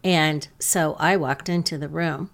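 A woman hosting a podcast, calmly telling a story about one of her patients as a nurse. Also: low voice, creaky. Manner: slow, calm, gentle storytelling.

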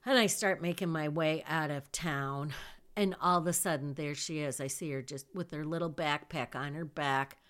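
A woman's voice: sits low, moderate pace, fairly bright tone. A woman telling a personal story about her daughter in casual speech, emphatic, with vivid asides.

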